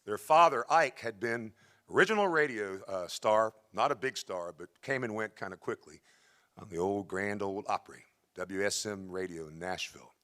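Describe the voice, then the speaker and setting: A man's voice: lowish voice, normal speed, sharp tone. A male singer hosting a benefit concert on a theatre stage, chatting folksily about music history between songs. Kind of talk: storytelling patter between songs.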